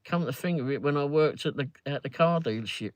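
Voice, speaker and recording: A man's voice: on the high side, brisk, no echo. Rambling, swearing London man. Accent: London English. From England. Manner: rambling, swears freely, frequent fillers and restarts. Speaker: co-host of a live ride-along stream. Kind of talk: casual chat. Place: in a car.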